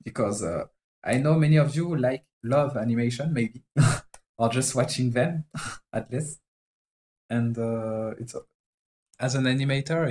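A man from France speaks in a French accent, his voice pitched in the middle range. He chats casually on a live stream as he works, halting often as he searches for the right English words. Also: a little mellow, rough recording. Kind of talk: casual live-stream chat while drawing.

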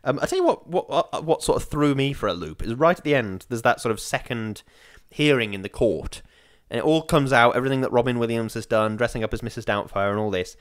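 A man's voice: medium pitch, lively intonation. A man co-hosting a podcast, chatting playfully about a film and posing rhetorical questions. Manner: playful, quick to laugh, poses rhetorical questions. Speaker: podcast co-host. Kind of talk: casual film chat.

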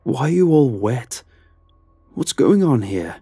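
A man's voice: deep voice, flat delivery, extremely slow, darkish tone, dry recording, faint music behind, heavily acted. A man voicing a desperate young man who pleads in a raised, strained voice in a horror story. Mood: pleading. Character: desperate young man, haunted by his brother.

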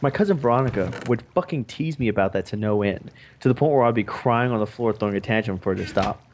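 A young man casually telling a family story on a vlog, animated and swearing often. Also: fairly low pitch, fast talker, slight background noise. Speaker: vlog co-host.

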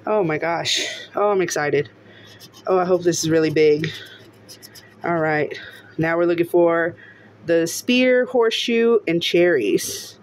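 A woman narrating casually as she scratches lottery tickets, often breaking into excited exclamations and laughter. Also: on the low side, a little slow, pauses often, slight background noise.

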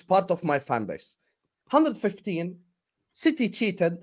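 A man with a notably high-pitched voice rants about his football club on a fan panel show. He swears freely and sounds fed up. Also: wildly swooping pitch, slow pace. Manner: ranting, profane, exasperated. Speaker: football pundit, Liverpool fan. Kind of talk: heated fan panel talk.

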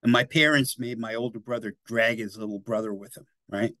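A man in his sixties gives a relaxed history lecture, talking in a chatty, digressive way. He keeps tagging his points with quick check-ins to the room, and his voice sits at a medium pitch. The sound is dry and close, with little room echo. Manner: chatty and digressive, often tags "right?" and "you know".

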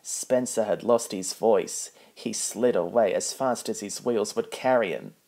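A man's voice: fairly low pitch, measured pace, gravelly, dark tone. A man reading a children's picture book aloud, plainly, with small slips. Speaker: storybook reader.

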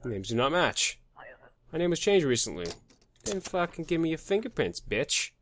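A man's voice: fairly high pitch, big pitch swings, moderate pace, a bit bright, a little hiss or hum. A man hosting a let's play, joking crudely and muttering names and numbers while he plays. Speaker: gaming channel host.

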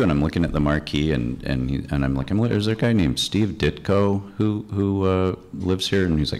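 A man's voice: low voice, fairly quick, hardly any pauses. A man in his fifties from Chicago, a comics artist on a convention panel, telling a rambling anecdote full of "like.". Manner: animated, rambling, lots of "like". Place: convention stage before an audience.

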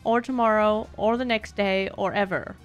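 A woman's voice: mid-range voice, fairly even intonation, normal speed, dull audio, soft background music. A young woman streaming a video game, chatting casually and crudely, joking and giggling as she plays. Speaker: VTuber streamer. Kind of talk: casual gameplay chat.

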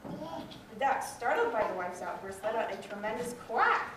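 A woman reading a children's story aloud with lively expression at a school program. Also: on the high side, normal speed. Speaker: student reader. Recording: echoey hall from far off, noisy.

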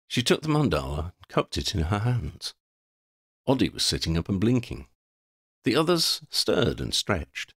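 A man narrates a fantasy story with wildly swinging, expressive pitch. His low voice has a gravelly grain. The recording is dry and close. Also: unhurried, dry recording. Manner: expressive, playful. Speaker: audiobook narrator.

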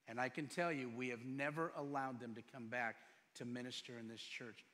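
A middle-aged man preaching a sermon as pastor, firing off rhetorical questions and moving between loud emphatic lines and quiet storytelling. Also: mid-range voice, fairly even intonation, brisk. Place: church sanctuary. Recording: long hall reverb.

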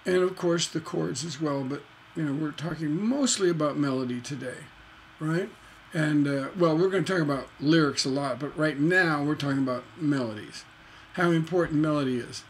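A man teaching songwriting on a charity livestream in a relaxed, folksy way, humming melodies on "da da" to show his points. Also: fairly high pitch, normal speed, slight background noise.

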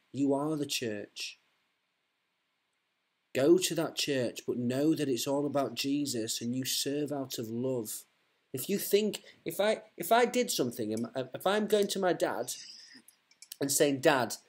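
A man, preaching fervently to one listener, often repeating himself and restarting his sentences. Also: medium pitch.

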